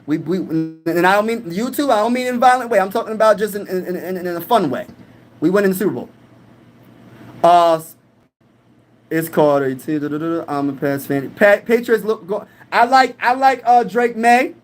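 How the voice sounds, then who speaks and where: A man's voice: sits high, moderate pace. A young man hosting a live stream in casual chat, reading comments aloud and talking boastfully.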